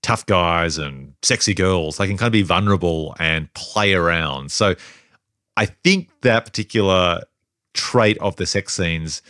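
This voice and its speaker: A man's voice: low voice, measured pace, sharp tone, clean tone, dry recording, clean studio sound. A man co-hosting a podcast, chatting casually and animatedly about a film, laughing often as he thinks aloud. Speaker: podcast co-host.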